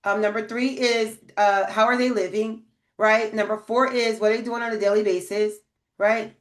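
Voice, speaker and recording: A woman's voice: on the high side, fairly even intonation, normal speed, echoey room. A woman hosting a live grant training, chatting emphatically, asking her viewers questions and reading their comments. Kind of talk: livestream business coaching.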